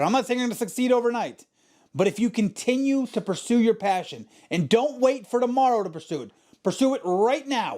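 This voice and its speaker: With a high-pitched voice and a darkish tone, a podcast host gives a motivational monologue on his own show, emphatic and profane, repeating his points again and again.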